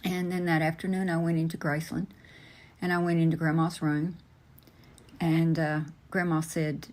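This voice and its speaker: An older man tells a story from his past at an unhurried pace, often stopping on ums and uhs. His recollection is earnest and plainspoken. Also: fairly high pitch, flat delivery. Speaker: storyteller recounting family memories. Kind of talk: slow personal recollection.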